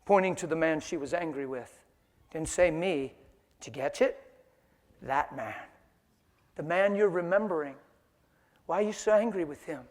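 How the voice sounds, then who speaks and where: Male preacher, high voice, animated storytelling sermon style. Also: moderate pace, pauses often, in a large hall. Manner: animated storytelling, laughs often.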